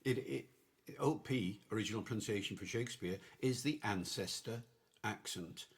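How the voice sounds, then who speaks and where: Measured older man, husky and low. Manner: measured, explaining patiently. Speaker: language professor guest. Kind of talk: explanatory podcast discussion.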